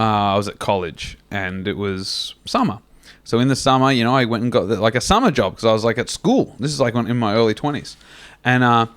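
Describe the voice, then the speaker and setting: A man, telling a profane comic story on a podcast. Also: medium pitch. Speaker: podcast co-host. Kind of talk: casual comedic storytelling.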